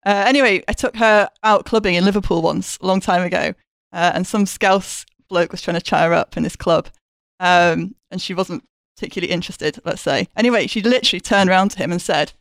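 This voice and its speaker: A woman's voice: on the low side, fairly quick, dry recording. A woman from Southport, England, guests on a podcast and tells a chatty story, dotted with fillers. She has a mid-range voice, recorded close and dry. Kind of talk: casual chat.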